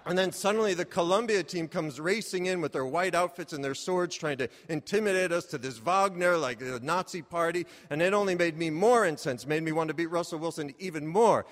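Animated man telling a comic story. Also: a little high, fairly quick, few pauses. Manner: animated, self-mocking, bursts into loud exclamations. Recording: reverberant hall.

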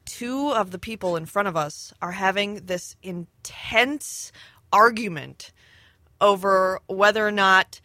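A woman telling a rambling story in casual chat, laughing often and filling pauses with ums. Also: medium pitch, pushed and bright, dry recording. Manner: giggly, rambling with many fillers. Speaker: storyteller on a podcast.

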